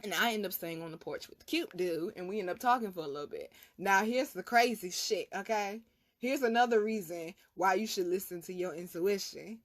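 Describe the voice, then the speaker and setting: Young woman vlog host, casual storytelling, animated and profane, mid-pitched voice. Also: a little fast. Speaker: vlog host, spiritual reader.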